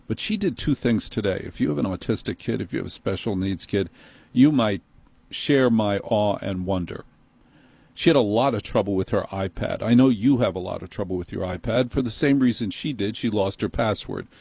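A man's voice: lowish voice, moderate pace, creaky, a little mellow, breathy edge, no echo. Exasperated middle-aged New York man ranting. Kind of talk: comic monologue.

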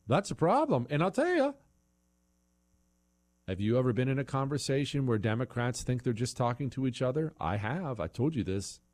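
Heated animated male talk-radio host. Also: mid-range voice. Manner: heated, emphatic ranting. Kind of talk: political talk radio monologue.

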